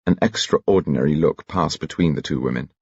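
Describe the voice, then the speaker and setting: A man narrating a detective novel as an audiobook, in an even, composed manner. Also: extremely low pitch, fairly quick, no room sound, lo-fi sound.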